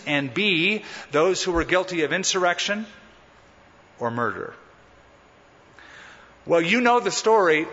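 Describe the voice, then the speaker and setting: A man's voice: on the high side, pushed and bright. A man preaching a sermon as pastor, emphatic and dramatic, stretching out key words. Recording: muffled sound in a reverberant hall.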